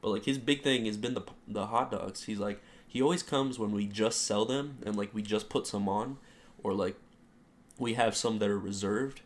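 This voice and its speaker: Young man retelling work stories, lower voice. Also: normal speed. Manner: animated retelling, heavy use of "like", acts out quotes. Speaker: podcast co-host. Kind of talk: casual storytelling.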